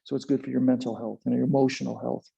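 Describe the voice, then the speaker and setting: A man teaching a kundalini yoga class, giving calm, unhurried instructions and guiding a chanted mantra with a few fillers. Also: mid-range voice, gravelly, husky. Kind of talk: guided yoga and meditation instruction. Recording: dull lo-fi sound.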